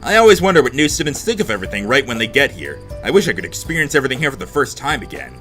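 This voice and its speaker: A man's voice: mid-range voice, big pitch swings, racing, pushed and bright, faint music behind. A man voicing an eager, welcoming young male student in a visual novel. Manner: upbeat, welcoming.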